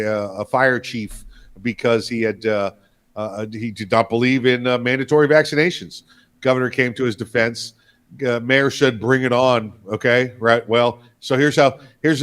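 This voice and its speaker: A man hosting a casual political talk show, chatty and full of fillers and restarts, speaking from Florida. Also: mid-range voice. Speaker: podcast host.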